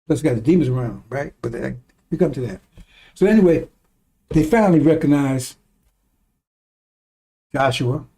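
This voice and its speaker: A man's voice: mid-range voice, animated, moderate pace, long pauses, warm tone. A man giving a rambling, emphatic religious talk, swearing when he gets worked up. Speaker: religious teacher. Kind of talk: informal religious teaching.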